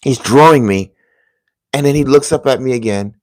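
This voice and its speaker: A man earnestly telling viewers about a vivid dream in a casual, halting way, dropping to a hush at the tense parts. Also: mid-range voice, no echo. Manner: earnest, halting, drops to a hushed voice at tense moments.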